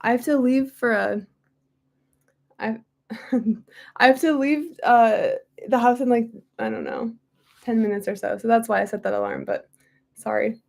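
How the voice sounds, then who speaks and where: A woman's voice: fairly high pitch, big pitch swings, unhurried, creaky, long pauses, a little mellow. A woman reading a history book aloud in a casual way and breaking off often for chatty, apologetic asides.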